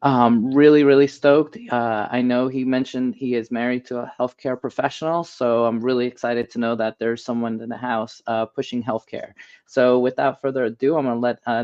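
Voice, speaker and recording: A man's voice: mid-range voice, steady tone, moderate pace, a little mellow, muffled recording. A man hosting an interview over a video call, enthusiastic and upbeat, with fillers. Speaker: host. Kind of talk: podcast interview and talk.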